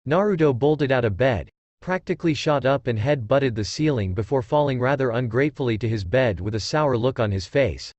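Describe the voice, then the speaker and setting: A man reads a fan story aloud in a casual, animated way, his pitch moving a lot around a mid-range voice. The recording is dry and close with no room sound. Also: brisk, no echo. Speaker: narrator.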